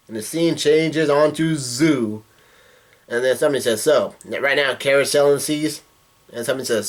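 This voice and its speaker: A man's voice: mid-range voice, fairly even intonation, brisk. A man casually reading comic dialogue aloud and breaking in with profane asides. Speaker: manga reaction youtuber.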